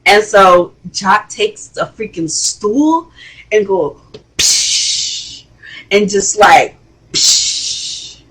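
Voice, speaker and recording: A woman hosting a casual reality TV review, chatty and expressive, with rising exclamations. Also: medium pitch, slow, breathy edge, low-quality recording. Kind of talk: casual commentary.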